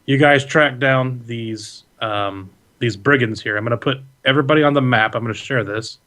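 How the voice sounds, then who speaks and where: A man narrates a tabletop adventure as game master, rambling easily and correcting himself as he goes. His voice sits at an ordinary middle pitch, and he talks over a video call. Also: moderate pace. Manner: relaxed, rambling, with fillers and self-corrections.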